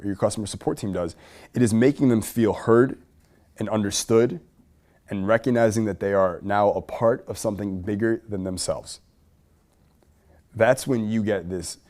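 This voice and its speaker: Energetic man teaching a live room. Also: fairly low pitch. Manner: energetic, asks the audience questions. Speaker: speaker teaching a workshop. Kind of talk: live seminar talk to an audience.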